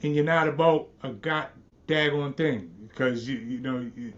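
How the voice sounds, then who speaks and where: A man's voice: medium pitch, normal speed, highs cut off. Profane, scornful ranting man. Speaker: podcast host. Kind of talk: ranting monologue.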